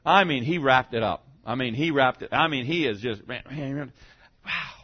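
Animated male preacher, loud to hushed. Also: mid-range voice, fairly quick, slightly rough, highs cut off. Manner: animated, swings between loud cries and hushed lines. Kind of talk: sermon.

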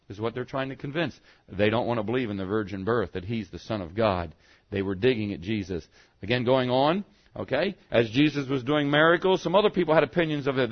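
A male pastor preaches a sermon, posing rhetorical questions to the congregation and lowering his voice for quoted speech. He talks a little fast, and the audio sounds dull.

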